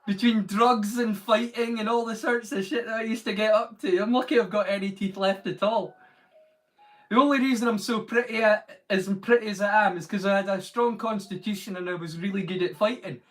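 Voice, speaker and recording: A man's voice: high voice, fairly even intonation, fairly quick. A man hosting a live stream, chatting casually and rambling while he reads the chat aloud.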